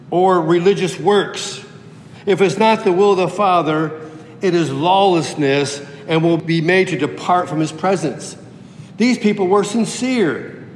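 A man's voice: high-pitched, slight background noise. A man preaching a sermon as a pastor, teaching verse by verse and explaining the original Greek words of the text. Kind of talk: expository sermon. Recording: echoey hall with long reverb.

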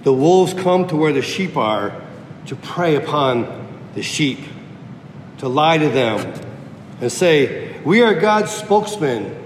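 A man's voice: expressive, takes it slowly, pauses often. A man preaching a sermon emphatically, repeating key phrases for effect. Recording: echoey hall with faint rumble.

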